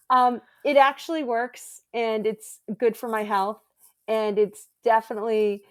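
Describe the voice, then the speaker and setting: A woman guest, an energy healer, chatting casually and telling stories with lively acted-out quotes. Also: a little slow, clean tone. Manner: animated, acts out quotes in a higher voice. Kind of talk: casual storytelling chat.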